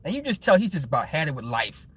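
Man, 40s, stream host: slightly high voice, blunt and profane, animated, laughs a lot. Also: quick pace, slightly rough. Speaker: live-stream host and movie reviewer. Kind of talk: casual live-stream chat with viewers.

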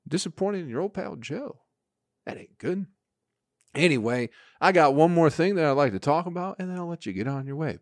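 A man's voice: mid-range voice, no room sound, studio quality. A man hosting a casual solo podcast, rambling and swearing in an exasperated way. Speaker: podcast host.

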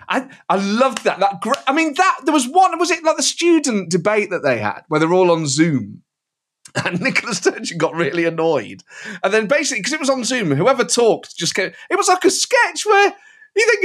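A man guesting on a podcast, chatting in an animated storytelling way. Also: very high-pitched, normal speed. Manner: animated, storytelling, slips into impressions. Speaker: guest, satirist and impressionist. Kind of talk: casual podcast chat.

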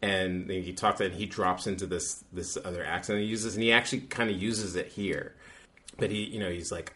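A man's voice: sits low, fairly quick, pushed and bright. A man co-hosting a podcast, recapping an episode in a rambling, casual way with many fillers and restarts. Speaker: podcast co-host.

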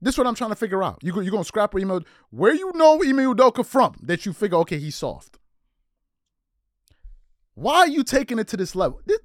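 A man's voice: high voice, no room sound, studio quality. A man hosting a sports commentary show, firing off incredulous rhetorical questions.

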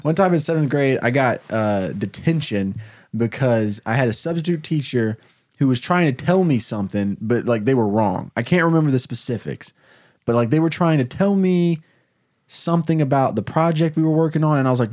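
A man's voice: medium pitch, animated, brisk, darkish tone. A man in a casual brainstorming chat who talks in a playful, slangy way and jokes boastfully. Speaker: co-writer brainstorming.

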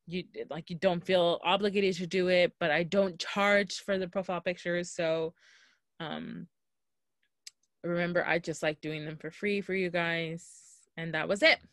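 A woman's voice: fairly low pitch, a bit bright, dry recording, studio quality. A woman co-hosting a podcast, telling a story in casual chat and quoting herself and others with lots of "like". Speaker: podcast co-host.

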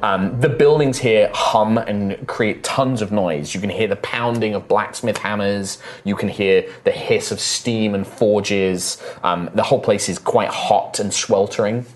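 A man narrating a tabletop game as game master, relaxed and full of fillers. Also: on the low side, unhurried, hardly any pauses. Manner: relaxed, many fillers like "um" and "kind of".

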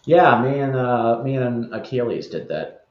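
A man with a mid-pitched voice talks as a guest, wry and talkative. His voice comes over roomy, dull remote audio. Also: animated, a little slow, darkish tone. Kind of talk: casual chat.

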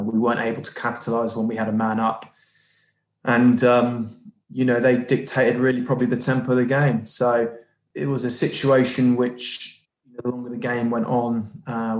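A man giving a measured post-match interview, with frequent pauses and fillers. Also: medium pitch, echoey room, low-quality recording. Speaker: interviewed player.

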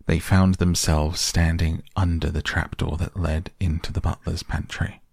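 A man reads a classic children's book softly for sleep, slow and even. His voice is deep with a gravelly fry. The recording is close and dry. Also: no echo. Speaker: storyteller. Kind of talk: soft bedtime audiobook reading.

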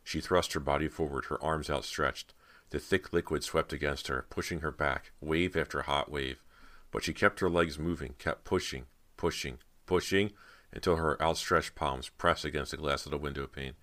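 A man narrating a horror audiobook in a measured, dramatic reading. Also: very deep voice, fairly even intonation, a bit bright.

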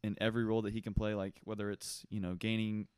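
A man's voice: lowish voice, flat delivery, quick pace, darkish tone, clean tone, no room sound, studio quality. A young man co-hosting a podcast, chatting about a film with enthusiasm and lots of fillers. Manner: enthusiastic, rambling with many fillers. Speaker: podcast co-host. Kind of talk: casual chat.

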